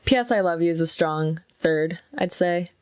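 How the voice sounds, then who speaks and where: A woman's voice: on the low side, moderate pace, a little mellow, clear, resonant tone, no echo. A young woman, a makeup artist, chatting candidly at home with a close mic, swearing freely. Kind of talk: casual chat. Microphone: close mic with soft, intimate pickup.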